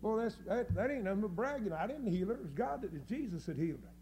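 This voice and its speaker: A man preaching a fiery sermon, folksy and scornful, dropping to low mutters and rising to loud cries. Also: very animated, fast, a little hiss or hum. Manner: folksy, scornful, with mocking quoted voices.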